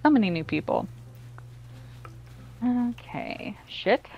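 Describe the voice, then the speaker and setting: A woman's voice: on the high side, animated, slow pace, dull audio. A woman playing a cozy fishing game, chatting and reading character lines aloud in light put-on voices. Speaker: streamer playing with her brother. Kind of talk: casual game commentary and reading dialogue aloud.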